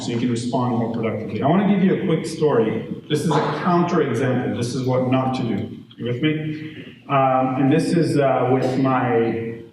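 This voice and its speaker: Male educator addressing parents live; lively storytelling, recorded from afar in a reverberant room with faint hiss. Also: medium pitch. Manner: conversational, animated storytelling with audience check-ins. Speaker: educator giving a parenting talk. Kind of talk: live workshop talk to parents. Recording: echoey room, distant mic, faint noise.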